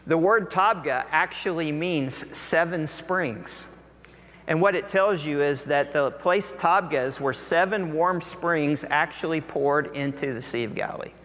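A man preaches a sermon in a big church hall, and his voice carries a long reverb. His tone is bright and forceful, pitched a little high, and he tells the story with lively energy, acting out the voices of the people in it. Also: unhurried.

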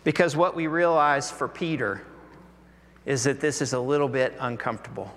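A man preaching a sermon, telling a Bible story in an animated way and acting out the voices of its people. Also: medium pitch, normal speed. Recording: long hall reverb.

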